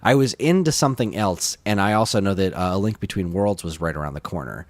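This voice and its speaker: A fairly low-voiced man co-hosts a gaming podcast in loose, casual chat. He is enthusiastic and rambling, and laughs often. His voice is close and dry on a studio mic. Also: lively intonation, fast talker, no echo. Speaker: podcast co-host.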